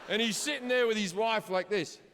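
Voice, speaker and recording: A man doing stand-up storytelling, swearing freely and shouting his punchlines, recorded live on a theater stage. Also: high-pitched, brisk, gravelly, noisy background. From Australia. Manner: profane, animated, shouts punchlines. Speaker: stand-up comedian. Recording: live hall reverb, audience ambience.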